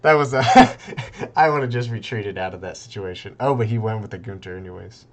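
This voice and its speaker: A man's voice: fairly low pitch, a little fast. Rambling young male game caster. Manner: rambling, excitable, laughs often. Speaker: tournament caster. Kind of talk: casual game commentary.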